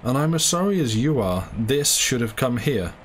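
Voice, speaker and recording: A man's voice: medium pitch, sing-song, normal speed, a little hiss or hum, lightly acted. A man reading the part of a cynical, cool-headed young doctor who speaks in a sneering, offhand way.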